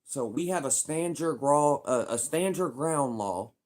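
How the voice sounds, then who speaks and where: A man's voice: fairly high pitch, expressive, unhurried, darkish tone. Rambling streetwise Kentucky man livestreaming. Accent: Louisville, Kentucky. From Louisville, Kentucky. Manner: rambling, repetitive, streetwise slang. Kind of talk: casual livestream chat.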